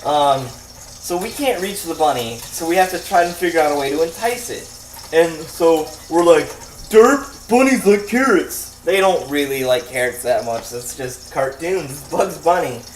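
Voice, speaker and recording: A young man tells a meandering, swear-filled story as relaxed game commentary. His voice sits a little high, and he sounds set back from the mic in a roomy, echoing space with faint background hiss. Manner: rambling, profane, laughing asides. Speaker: let's play commentator. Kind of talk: casual storytelling over gameplay. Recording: echoey room, mic at a distance.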